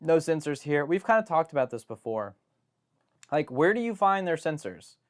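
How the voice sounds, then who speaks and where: A man's voice: on the high side, very animated, moderate pace. A young man hosting a live stream, chatting casually and rambling through joking asides and self-interruptions.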